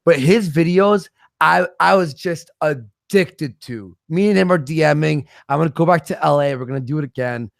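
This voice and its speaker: A man with a gravelly, creaky voice, slightly higher than most men, telling loose, profane stories in a casual livestream chat. The sound is dry and close, with no room around it. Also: moderate pace, dry recording. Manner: profane, rambling storyteller.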